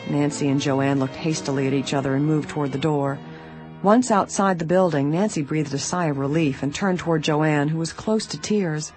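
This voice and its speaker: Measured audiobook narrator. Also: mid-range voice, over music. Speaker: audiobook reader. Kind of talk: scripted narration of a mystery novel.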